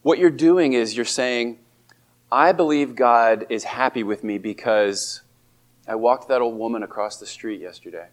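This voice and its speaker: A man preaching a sermon as a pastor, speaking earnestly and lifting his voice on emphatic lines. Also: unhurried. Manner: earnest, rises in pitch and volume on emphatic quotes.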